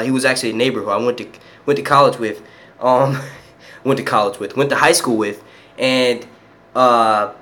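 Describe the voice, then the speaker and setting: Hosting a casual live stream on his YouTube channel, a young guy from Philadelphia rambles profanely and laughs a lot. His mid-range voice has a fairly bright tone.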